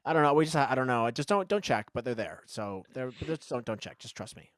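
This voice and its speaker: A man's voice: medium pitch, lively intonation, fast talker, dry recording. A man co-hosting a podcast in casual chat, reading comments aloud in a joking, sarcastic way and laughing often. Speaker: podcast co-host.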